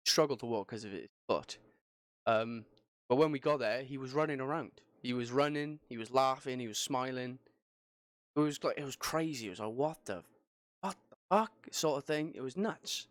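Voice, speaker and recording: Young male podcast host, rambling personal story, smooth close dry voice, lots of ums. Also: medium pitch, dry recording. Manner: rambling, frequent fillers and restarts.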